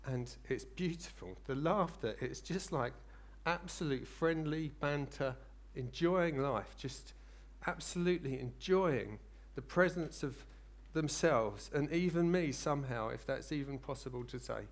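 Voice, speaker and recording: A man preaching a sermon, earnest and rambling, rising into fervent excitement. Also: fairly high pitch, unhurried.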